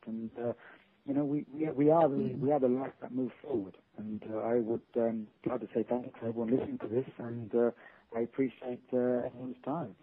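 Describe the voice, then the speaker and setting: A male author guest talking earnestly in a casual interview, halting often and restarting his sentences. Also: medium pitch. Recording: tinny phone line.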